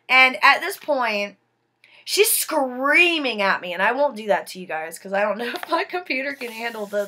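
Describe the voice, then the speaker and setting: A woman's voice: on the high side, pushed and bright. A young woman telling a personal story to her viewers in an earnest, emphatic way. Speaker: vlogger.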